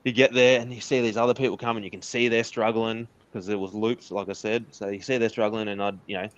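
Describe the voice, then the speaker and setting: A man's voice: fairly low pitch, flat delivery, fast, no room sound. Earnest Australian man, dull lo-fi recording. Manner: candid, earnest storytelling with laughs. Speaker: interview guest. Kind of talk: casual interview chat.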